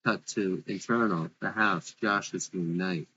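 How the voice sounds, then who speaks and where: A man's voice: sits low, slow, pushed and bright, lo-fi sound, slight background noise. A man reading a script aloud with its stage directions, in a plain, matter-of-fact way.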